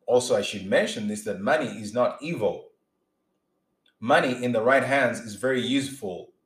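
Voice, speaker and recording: A man preaching informally, earnest and emphatic, often restarting his sentences and acting out his examples. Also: medium pitch. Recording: roomy echo.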